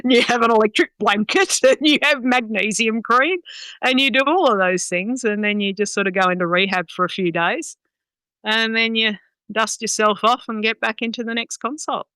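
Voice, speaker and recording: A middle-aged woman, a dog trainer chatting as a podcast guest, frank, quick to laugh and swearing freely. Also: a little high, bright, forceful tone, clear, resonant tone, no room sound, rough recording. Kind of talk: casual podcast chat.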